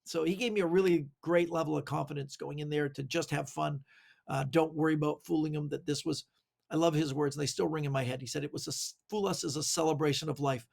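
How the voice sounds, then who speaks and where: Male guest, high gravelly voice, lively storyteller on a video call. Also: quick pace. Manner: animated anecdotes with quoted voices. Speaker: guest magician. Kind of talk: casual storytelling.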